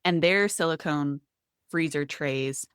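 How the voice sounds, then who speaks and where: A woman with a notably low voice co-hosts a relaxed podcast conversation. She explains things step by step in a chatty, self-deprecating way. The sound is close and dry, with no room around it. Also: takes it slowly, clean tone, no room sound. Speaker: podcast co-host. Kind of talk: casual podcast chat.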